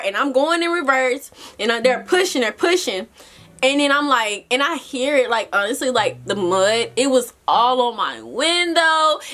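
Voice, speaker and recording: A young adult woman vlogger telling a casual story, animated and chatty, talking straight to her viewers. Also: high voice.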